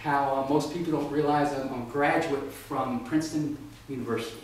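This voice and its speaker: A man's voice: medium pitch, fairly even intonation, moderate pace. A man from Texas giving a humorous contest speech at a speaking workshop, with a theatrical, punchy alliterative delivery. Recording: echoey room from far off, faint noise.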